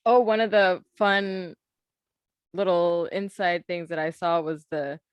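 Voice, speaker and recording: A woman's voice: on the low side, steady tone, takes it slowly, clear, resonant tone, no echo. A woman co-hosting a podcast, chatting casually and laughing often. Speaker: podcast co-host.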